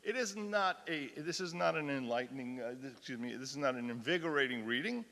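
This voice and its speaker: A man's voice: mid-range voice, animated, fairly quick, creaky, bright, forceful tone. A man, a cantor teaching an adult class, speaking earnestly at a fixed microphone and reading aloud with rising intensity. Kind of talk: lecture with dramatic reading aloud. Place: synagogue hall. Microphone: fixed microphone he cannot leave. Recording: long hall reverb.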